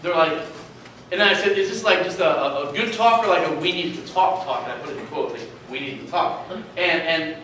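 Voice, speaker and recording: A man's voice: fairly high pitch, fairly quick, distant mic, slight background noise. Man preaching in an echoey hall. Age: 30s. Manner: storytelling, conversational, animated asides. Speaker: youth speaker. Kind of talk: sermon. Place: large hall at a retreat.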